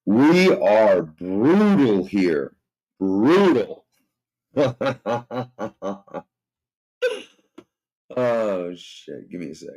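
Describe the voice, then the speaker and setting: Hoarse man streaming live, low voice, slow and drawly, swings up and down in pitch, swears a lot. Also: very animated, a little mellow, poor audio. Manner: profane, rambling and laid-back. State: hoarse, strained voice. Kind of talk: casual livestream chat.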